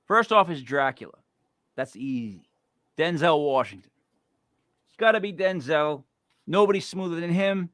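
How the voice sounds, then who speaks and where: A man's voice: on the high side, sharp tone, no echo, clean studio sound. A man hosting a podcast, talking in a casual, joking and emphatic way. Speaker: podcast host. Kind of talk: casual comedic chat.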